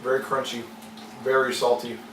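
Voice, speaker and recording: Man, cooking channel host, mid-pitched and casual, rambling delivery, roomy distant mic. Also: normal speed. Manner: relaxed and rambling, many fillers and restarts. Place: home kitchen. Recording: echoey kitchen, mic at a distance, audible noise.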